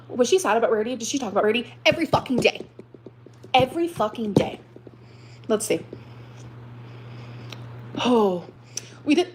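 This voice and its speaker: A woman livestreamer vents emotionally about how she was hurt, swearing often and repeating lines in an exaggerated, dramatic way. She sounds aggrieved and profane, rising to outbursts. Her voice is medium-pitched, with slight background noise.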